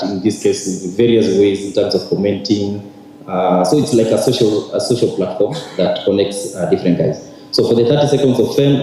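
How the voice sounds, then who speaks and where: A man trainer, casually explaining student projects at a ceremony with many fillers and repeated words. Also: on the low side. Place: large hall at a graduation ceremony. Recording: echoey hall with faint noise.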